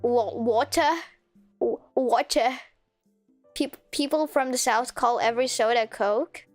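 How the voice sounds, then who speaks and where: A woman's voice: fairly high pitch, fairly even intonation, measured pace, faint music behind. A woman streamer chatting casually while playing a game, playful and giggly, often stumbling over her words.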